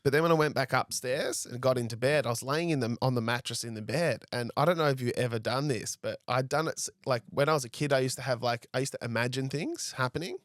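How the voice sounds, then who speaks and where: A man's voice: medium pitch, fast talker, few pauses, no room sound, clean studio sound. A young man, telling a story as a podcast guest in a casual, rambling way. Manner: rambling, frequent "like" and "I was like".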